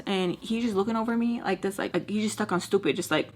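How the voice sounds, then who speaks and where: A woman's voice: medium pitch, brisk, slight background noise. A young woman in her twenties, casually telling an emotional story while doing her makeup, acting out the people in it and cursing freely, mixed in. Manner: animated, emotional, acts out quotes, curses freely. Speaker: beauty vlogger telling a story.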